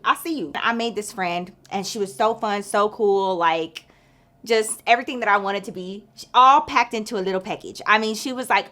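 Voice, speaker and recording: Woman vlogger, story-time host, chatty and profane, animated delivery. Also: medium pitch. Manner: animated, chatty, profane, addresses viewers as bestie.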